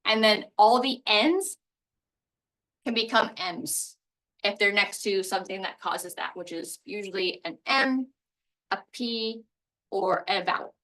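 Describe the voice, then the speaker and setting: Bright-voiced woman teaching a language lesson. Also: medium pitch, unhurried, far from the mic, low-quality recording. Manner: explanatory, walks through examples step by step.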